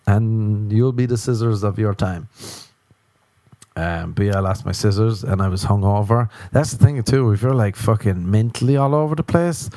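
A man's voice: on the low side, moderate pace, warm tone, dry recording. A man with an Irish accent hosting a solo podcast, telling a rambling, self-mocking, sweary story. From Ireland. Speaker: podcast host.

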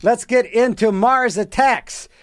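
A man's voice: extremely high pitch, slow, no echo, studio quality. A man hosting a casual radio music show, rambling and joking to himself between songs. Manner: rambling, jokey, talks to himself. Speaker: radio host.

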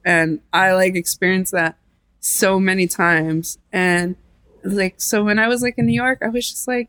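A woman's voice: medium pitch, steady tone, unhurried, a bit bright, no room sound. A woman guest in a casual interview, talking in a chatty way with lots of "like" and acting out what other people said. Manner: chatty, fills with "like", quotes others in voices. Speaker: artist guest.

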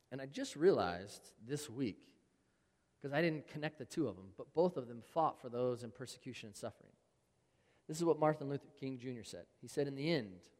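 A man's voice: mid-range voice, darkish tone, long reverb tail. A man preaching a sermon in an earnest, conversational way, reading scripture aloud to his congregation. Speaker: pastor.

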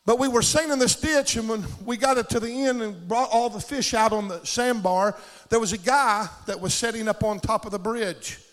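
A man preaching an animated sermon, calling for amens and breaking into shouts of praise. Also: very high voice, moderate pace. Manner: exuberant, calls for amens, shouts bursts of praise. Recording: hall reverb.

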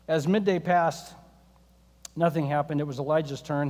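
A man's voice: on the high side, steady tone, normal speed, pauses often, a little mellow. A male pastor preaching a sermon, telling stories with wry jokes. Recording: long hall reverb.

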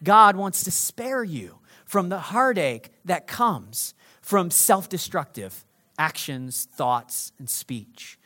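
A man preaching a sermon as pastor, swinging between loud emphasis and hushed, intimate delivery. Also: high-pitched, sing-song, slow pace.

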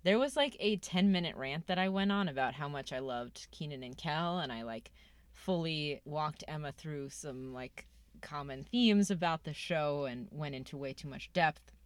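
Low-voiced woman podcast co-host. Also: expressive, normal speed, no echo. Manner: chatty, self-correcting, frequent "like" and "um". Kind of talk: casual chat.

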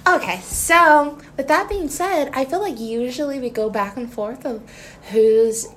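A woman's voice: high-pitched, unhurried, fairly bright tone, a little hiss or hum. A woman co-hosting a podcast in casual chat, teasing and chatty, with lots of fillers. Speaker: podcast co-host.

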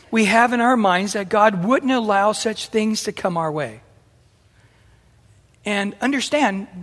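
A middle-aged man preaching a sermon in an animated way, acting out the voices he quotes. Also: high voice. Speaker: pastor. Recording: long hall reverb.

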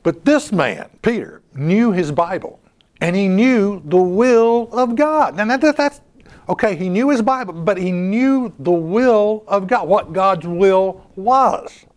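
A man's voice: sits high, animated, takes it slowly. A man preaching a sermon, asking rhetorical questions and often repeating his words as he builds a point.

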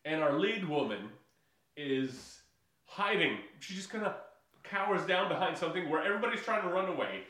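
A podcast co-host recaps a movie in loose, rambling chat full of fillers, restarts, and frequent laughter. His high-pitched voice is bright and forceful, with lively intonation at a normal speed. He sits far from the mic in a room with heavy echo.

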